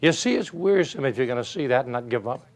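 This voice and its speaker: Using a medium-pitched voice with lively intonation and a quick pace, a motivational speaker delivers an emphatic, folksy talk full of stories and rhetorical questions.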